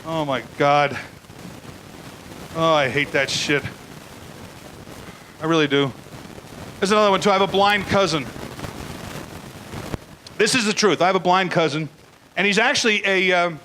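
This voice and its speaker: A man's voice: high voice, moderate pace, long pauses, bright, forceful tone, slight background noise, poor audio. An older man doing a crude, blunt stand-up comedy routine, acting out bits in put-on voices.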